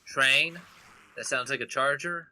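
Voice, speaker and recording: A man's voice: medium pitch, a little slow, sharp tone. A man hosting a co-op gaming session, casually explaining game mechanics to his friends. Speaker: co-op gameplay host. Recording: faint background noise.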